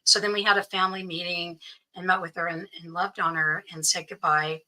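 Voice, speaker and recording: Bright-voiced woman telling a personal story. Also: on the low side, flat delivery, fairly quick, poor audio. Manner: acts out quoted voices, often drops to hushed tones. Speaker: interview guest.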